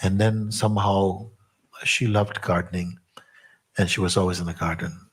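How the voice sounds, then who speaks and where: A man giving a spiritual talk, telling a story in an unhurried, playful way. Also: low voice, fairly even intonation, breathy edge. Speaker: spiritual teacher.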